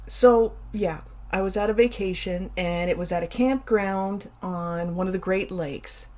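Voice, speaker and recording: A woman's voice: mid-range voice, measured pace, darkish tone. A middle-aged woman from Canada, hosting a casual solo show and chatting animatedly through a personal story with playful emphasis and asides. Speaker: podcast host.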